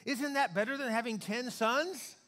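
A man's voice: extremely high pitch, normal speed, pushed and bright, big-room sound, pitched above the performer's own voice. A man voicing a clueless husband who earnestly believes he is enough to console his wife. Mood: cluelessly consoling. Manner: earnest, oblivious. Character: clueless, self-satisfied husband.

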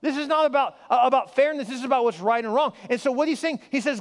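A man's voice: extremely high pitch, fast. A man preaching a sermon as a pastor, telling stories in a casual way and often asking the crowd questions. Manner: storytelling, conversational, asks the crowd questions. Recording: long hall reverb.

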